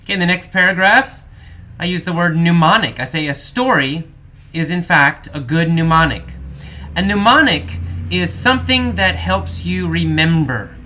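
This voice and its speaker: A man's voice: on the high side, expressive, sharp tone, slight background noise. A man teaching English vocabulary, explaining each word patiently and repeating definitions several times. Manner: slow, patient explanations with frequent repetition and fillers.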